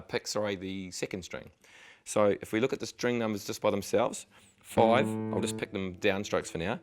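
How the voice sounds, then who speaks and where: Deep-voiced man teaching guitar. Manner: patient, repeats step by step, encouraging. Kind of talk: guitar lesson. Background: guitar playing.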